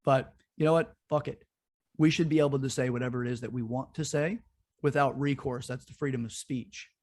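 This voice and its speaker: A man's voice: medium pitch, steady tone, a little fast, a little mellow. A man co-hosting a podcast, ranting in a heated, profane way during casual political chat. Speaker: podcast co-host.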